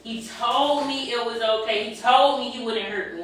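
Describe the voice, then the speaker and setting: A woman venting on a casual livestream, rambling and emotional, at times breaking into loud outbursts. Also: fairly high pitch, moderate pace, few pauses, noisy background. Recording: roomy sound, far from the mic.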